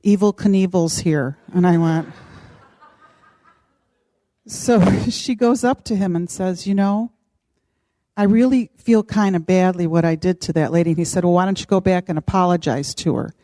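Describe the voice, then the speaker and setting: A middle-aged woman casually telling a personal story, animated and acting out what others said. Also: on the low side, normal speed, dry recording. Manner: animated, acts out quoted voices. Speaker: podcast co-host.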